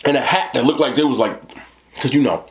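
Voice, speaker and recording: A man's voice: mid-range voice, a little fast. A man in his thirties with a New Jersey accent, telling a rambling story to camera on his eating show and laughing often. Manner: rambling, laughing, lots of "you know what I'm talking about". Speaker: mukbang host.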